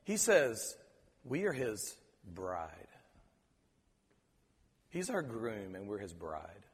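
A man preaching a sermon, earnest and halting, often repeating words as he searches for them. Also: fairly low pitch, very animated, long reverb tail. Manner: preacher quoting scripture in reverent tones. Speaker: pastor.

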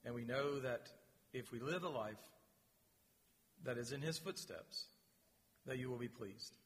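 A man leading his church in announcements and a spoken prayer, gentle and pausing, with repeated words. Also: mid-range voice. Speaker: pastor. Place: church sanctuary. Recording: long reverb of a large hall.

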